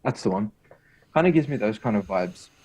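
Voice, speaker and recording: A man's voice: fairly low pitch, lively intonation, fairly quick, a little mellow, husky. A man co-hosting a podcast in casual chat, hesitant and searching for words as he talks music. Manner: hesitant, many fillers and restarts.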